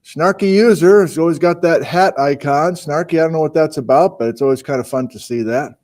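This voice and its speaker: A man's voice: a little high, fairly quick. Chatty man hosting a live stream. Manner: chatty and relaxed, with frequent fillers and asides. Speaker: host of a live-streamed geology program. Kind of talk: casual live-stream chat, reading out viewer locations. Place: small indoor room on a college campus.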